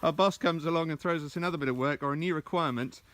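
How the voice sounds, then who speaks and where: A man's voice: fairly high pitch, rapid-fire, a bit bright. A man talking casually to camera as he walks outdoors in the countryside, coaching on presentations with a chatty, self-deprecating manner. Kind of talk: casual walking vlog.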